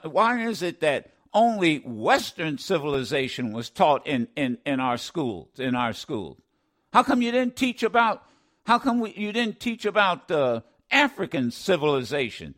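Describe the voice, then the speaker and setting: A man's voice: high voice, fairly bright tone. A man hosting a talk radio show, commenting with passion, often stammering and restarting, repeating lines for emphasis like a preacher.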